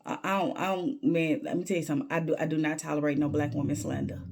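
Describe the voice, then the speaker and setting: A woman's voice: deep voice, steady tone, quick pace, gravelly, background noise. A woman vlogger telling a candid story in an emphatic way, repeating words when she gets worked up.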